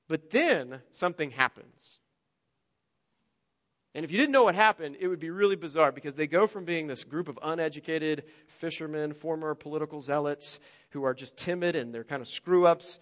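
A somewhat high-voiced man preaches in a big hall with a long, ringing reverb. The sound is a bit muffled and dull. He shifts between hushed, confiding asides and loud, emphatic bursts, acting out the voices of the people in his stories. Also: moderate pace. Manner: animated, swings from quiet and intimate to loud and emphatic; acts out quoted voices in story-telling. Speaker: pastor. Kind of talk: sermon.

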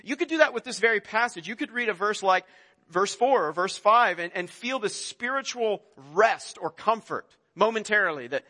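A man preaches a sermon in a high, bright, forceful voice. He talks to the congregation conversationally and pushes into emphatic stretches. His voice carries a long reverb from a large hall. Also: lively intonation, normal speed. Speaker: pastor.

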